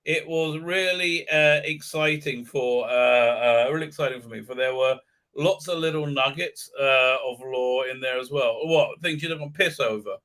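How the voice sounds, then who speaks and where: A man's voice: medium pitch, moderate pace, a bit bright. Sarcastic man ranting. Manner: sarcastic, swears, mocks what he reads with put-on silly voices; hesitant, many fillers and restarts. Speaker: host of a live commentary stream. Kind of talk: casual ranting commentary.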